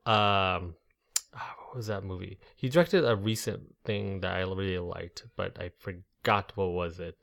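A man's voice: sits low, a little slow, creaky, fairly bright tone. A man hosting a casual movie discussion, rambling with many fillers and restarts.

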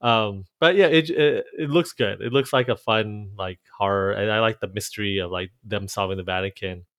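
A man co-hosting a casual podcast, laid-back and joking, with halting, filler-heavy speech. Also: on the low side, a bit bright, no echo, clean studio sound. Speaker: podcast co-host. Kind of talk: casual chat.

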